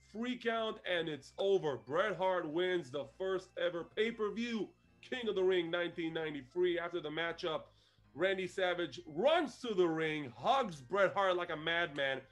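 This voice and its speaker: High-voiced man, animated co-host. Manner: animated storytelling, laughs often. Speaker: podcast co-host. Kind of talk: casual chat reviewing a wrestling show.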